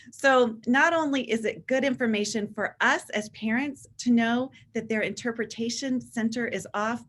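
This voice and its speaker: Enthusiastic woman giving a parenting talk. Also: on the high side. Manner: warm, enthusiastic, acts out teen voices in quotes. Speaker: therapist and author giving a talk. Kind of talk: presentation to parents.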